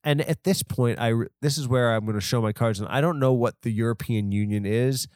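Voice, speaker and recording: A man's voice: mid-range voice, brisk, darkish tone, smooth, dry recording, studio quality. A man hosting a podcast, rambling through an off-the-cuff comedic story and mocking himself as he goes. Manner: self-deprecating, rambling, off the cuff. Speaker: podcast host.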